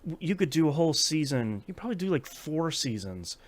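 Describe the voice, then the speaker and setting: A man's voice: fairly high pitch, very animated, fairly quick. A man in his thirties hosting a podcast, chatting casually with many fillers and restarts. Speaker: podcast host. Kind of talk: casual chat.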